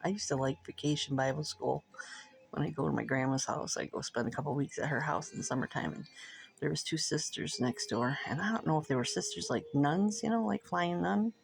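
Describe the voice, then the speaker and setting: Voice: medium pitch, brisk, gravelly. A middle-aged vlogger chatting casually over coffee, frank and profane, rambling and laughing between thoughts.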